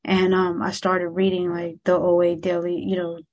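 A middle-aged woman sharing a candid, halting personal testimony as a speaker at a recovery meeting. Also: on the low side, monotone, a little mellow, lo-fi sound.

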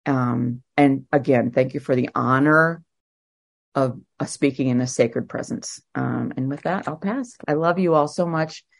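A middle-aged woman speaking at a twelve-step meeting, sharing her recovery story in a candid, emotional way with halting fillers. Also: rumbling low, creaky, no echo, clean studio sound. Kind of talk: personal recovery share.

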